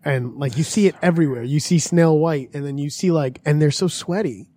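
A man with a mellow, slightly higher voice, telling stories in a relaxed, crude way. He laughs easily and swears freely. The sound is close and dry. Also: fairly quick, dry recording. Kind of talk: casual crude chat.

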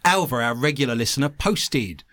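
A man's voice: mid-range voice, animated, normal speed, fairly bright tone, dry recording. A man hosting a comedic podcast, trading jokes with co-hosts and reading listener mail with dry teasing humor. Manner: dry teasing humor, reads letters aloud. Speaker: podcast host.

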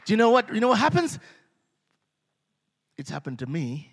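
A man preaching a sermon, animated, acting out voices and swinging between hushed and loud. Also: high voice, normal speed, a little hiss or hum. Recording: long hall reverb.

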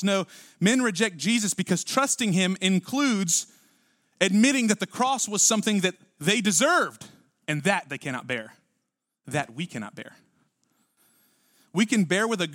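High-voiced preaching pastor, man. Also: no room sound, studio quality. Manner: animated preaching with sudden drops to quiet and acted-out voices. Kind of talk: sermon.

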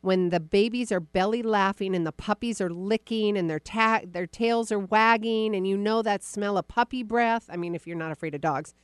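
A woman podcast host coaching a caller live, encouraging and animated, acting out the caller's inner voice. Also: mid-range voice, moderate pace, hardly any pauses, smooth, no echo, clean studio sound.

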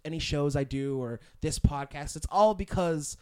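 Rambling young podcast host. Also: male voice, on the high side, normal speed, smooth. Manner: rambling with many fillers and restarts. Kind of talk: casual interview chat.

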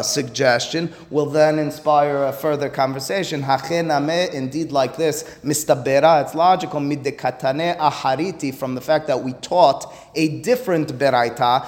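A man's voice: on the high side, in a large hall. A man, a rabbi, teaching a Talmud class, explaining animatedly and acting out both sides of a dispute.

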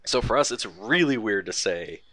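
A man's voice: fairly low pitch, lively intonation, normal speed, fairly bright tone, no room sound. A young man co-hosting a casual podcast chat, talking loosely, swearing and laughing often. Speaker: podcast co-host.

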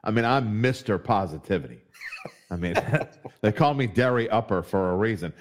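A man's voice: lowish voice, lively intonation, moderate pace. A man hosting a sports podcast in casual chat, joking about himself and greeting viewers. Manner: jokey, self-mocking, greets viewers. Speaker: podcast host.

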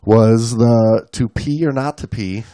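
Podcast co-host, male, mid-pitched and relaxed, rambling joking recaps, close dry mic. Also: slow, no echo. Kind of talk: casual banter.

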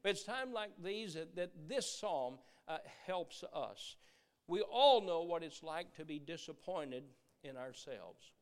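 A middle-aged man preaching a sermon, earnest, repeating words as he goes and dropping from loud emphasis to a hush. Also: fairly high pitch, animated, a little slow, clear, resonant tone.

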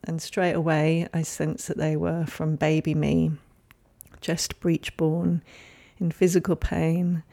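Soft spoken woman doing a reflective solo podcast, warm low tone, kinda gravelly. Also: level tone, takes it slowly. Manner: gentle, soft-spoken, caring. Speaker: podcast host.

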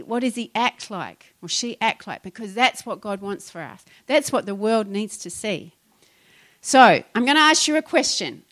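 A woman's voice: a little high, a bit bright. A middle-aged woman preaching a sermon, exhorting her congregation with rhetorical questions. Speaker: pastor.

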